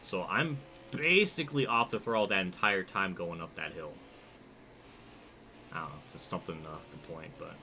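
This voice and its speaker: A young man streaming a racing game, chatting casually and reacting excitedly while reading his chat. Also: sits low, moderate pace, gravelly, slight background noise. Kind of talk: live gameplay commentary.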